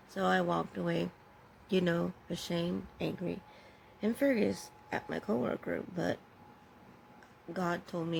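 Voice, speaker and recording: A woman telling a personal story in a candid, halting way, pausing and correcting herself as she goes. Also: lowish voice, fairly even intonation, creaky, a little mellow, a little hiss or hum, low-quality recording. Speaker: vlogger sharing her own story.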